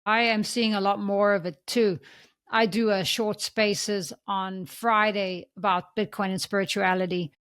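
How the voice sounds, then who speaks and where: A woman's voice: mid-range voice, fairly even intonation, a little slow, a bit bright, smooth, no echo, clean studio sound. A woman host with an African accent who also slips into an American one, chatting casually and affirming her guest. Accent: African, switching to American. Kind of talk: casual interview chat.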